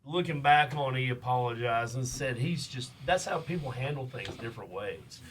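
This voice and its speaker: A man's voice: mid-range voice, animated, normal speed, a little hiss or hum. A man, hosting a casual podcast chat and telling a story with lots of fillers and restarts. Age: 30s. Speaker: podcast host.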